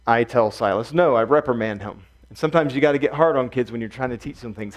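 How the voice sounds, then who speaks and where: A man's voice: medium pitch, quick pace, hardly any pauses. Earnest male pastor preaching. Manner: earnest, emphatic repetition, swings from hushed to loud. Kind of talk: sermon.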